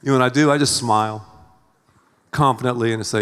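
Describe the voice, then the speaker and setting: A middle-aged male pastor preaching a sermon in a theatrical, animated way, acting out everyday scenes. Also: medium pitch, quick pace, long pauses, clean tone. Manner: animated, theatrical, acts out scenes with big swings in loudness. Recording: long reverb of a large hall.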